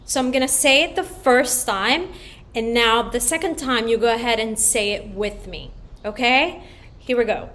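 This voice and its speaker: A woman's voice: a little high, expressive, normal speed, a bit bright. A woman from the Dominican Republic teaching children a song online, upbeat and leading call-and-response. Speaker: choir teacher.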